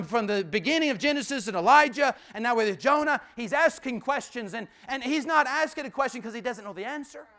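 The pastor's voice is very high-pitched as he preaches with emphasis. He repeats his main phrases and sometimes drops his voice low and hushed.

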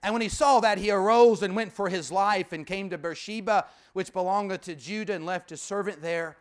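With a high voice and a brisk, clean delivery, this man preaches as pastor, emphatic and repetitive with his key phrases. At times he lowers himself to a hush.

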